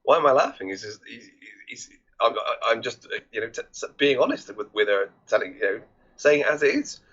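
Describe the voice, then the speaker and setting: A man's voice: medium pitch, normal speed, a bit bright. A man co-hosting a podcast, casually retelling film scenes and quoting the characters, with lots of restarts. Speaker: podcast co-host. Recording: dull lo-fi podcast audio.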